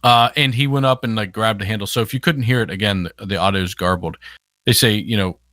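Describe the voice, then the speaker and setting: A man's voice: fairly low pitch, quick pace, pushed and bright, no echo. A man co-hosting a podcast, commenting casually on video clips and often restarting his sentences. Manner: rambling, many restarts. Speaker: podcast co-host.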